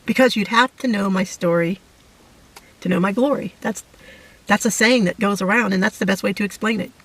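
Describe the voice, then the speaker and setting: A middle-aged woman giving an emotional personal testimony to camera, halting and fighting back tears. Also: medium pitch, fairly bright tone, recorded from a distance, rough recording. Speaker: vlogger sharing a testimony.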